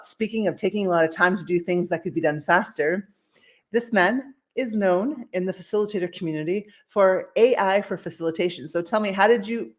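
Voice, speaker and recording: Playful teasing woman host. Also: on the low side. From Canada. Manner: playful, teasing, quick to laugh. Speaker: interview host. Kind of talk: casual interview chat.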